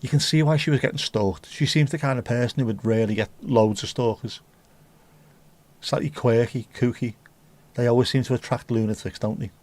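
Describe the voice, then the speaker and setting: A man's voice: mid-range voice, a little fast, darkish tone. A man hosting a casual livestream chat, bantering crudely and swearing often. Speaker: livestream host.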